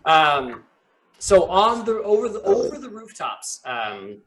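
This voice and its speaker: A man running a tabletop game as game master, describing scenes in a halting way full of fillers. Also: sits high, sing-song, a bit bright, recorded from a distance, slight background noise.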